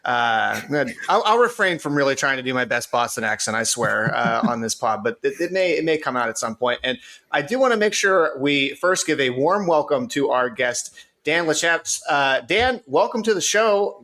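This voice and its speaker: A man's voice: medium pitch, lively intonation, normal speed, bright, forceful tone. A man co-hosting a casual sports betting podcast, chatty and loose, with frequent fillers while reading a sponsor spot. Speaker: podcast co-host. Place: studio.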